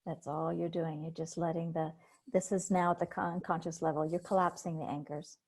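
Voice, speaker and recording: A woman's voice: sits low, flat delivery, a little fast, a little mellow, breathy edge. A woman hypnotherapist hosting a group meeting on a video call, explaining techniques in a casual way. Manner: explains techniques, acts out panicky voices.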